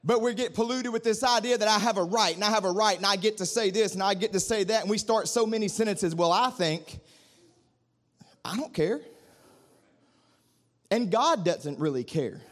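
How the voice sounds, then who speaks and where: A man preaching a sermon, swelling into a singsong cadence and easing down into quiet prayer. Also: high-pitched. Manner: preaching with rising fervor, singsong cadence, drops to soft prayer. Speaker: pastor.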